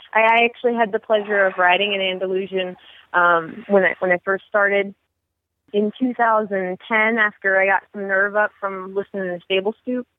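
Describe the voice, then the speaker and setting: A woman's voice: mid-range voice, dry recording. A woman guest on a podcast roundtable telling a story, giggling and often restarting her sentences. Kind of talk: casual roundtable chat. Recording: tinny phone-line audio.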